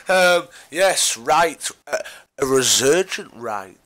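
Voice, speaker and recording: A man co-hosts a casual sports podcast in a mid-pitched, ordinary voice. He rambles, drops puns, and pads his turns with plenty of fillers. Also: lively intonation, slow, a bit bright. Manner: rambling, punning, filler-heavy. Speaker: podcast co-host.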